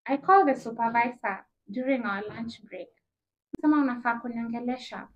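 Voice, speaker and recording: A young woman with a Kenyan accent tells a casual storytime in a high voice. She jumps between English and Swahili slang and acts out each person in the story. The recording sounds slightly dull and lo-fi. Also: moderate pace, slight background noise. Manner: animated, acts out dialogue with shifting voices. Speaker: vlogger.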